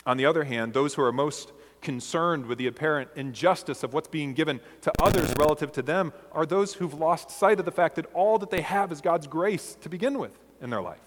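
A pastor preaches a sermon in an earnest, measured way, posing rhetorical questions to his listeners. His voice is fairly high, and the sound suggests a big room.

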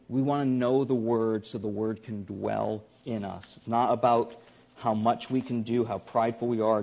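A man's voice: lowish voice, gravelly, a little mellow. A pastor giving a sermon, earnest and emphatic, often repeating his key phrases.

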